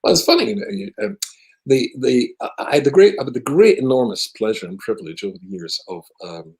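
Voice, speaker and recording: A man's voice: medium pitch, expressive, fairly quick, creaky, a little mellow, low-quality recording. A Scottish man from Scotland, a guest speaker telling stories in conversation with wry, self-deprecating humour. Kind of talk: conversational storytelling.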